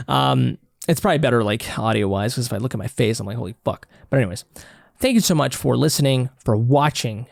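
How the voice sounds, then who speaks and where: Gravelly-voiced man rambling on a podcast. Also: mid-range voice, darkish tone, no room sound, studio quality. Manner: rambling, profane, self-correcting. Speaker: podcast host. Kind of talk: casual solo podcast monologue.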